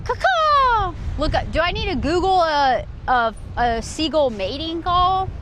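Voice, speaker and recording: Woman streamer, high lively voice, slow unhurried chat, laughs at herself, outdoor beach setting. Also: noisy background. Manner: giggly, rambling, self-mocking. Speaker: livestreamer. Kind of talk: casual live stream chat.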